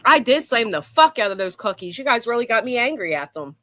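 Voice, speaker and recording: A woman's voice: on the high side, big pitch swings, fairly quick, sharp tone, no echo. A woman hosting a livestream, chatting casually and swearing freely. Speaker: stream host. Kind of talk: casual chat.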